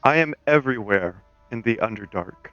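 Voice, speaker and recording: A man voicing an ancient goddess who speaks into minds, slow and solemn, in a tabletop game. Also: medium pitch, lively intonation, fairly bright tone, lo-fi sound, soft background music, natural voice. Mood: grand.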